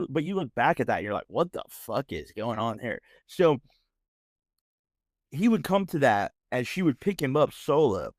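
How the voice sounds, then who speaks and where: This podcast host, a thirties-aged American man, tells a personal story as a loose, slang-filled, profane ramble punctuated by mocking outbursts. His voice sits in the mid range, and the studio recording is clean with no echo.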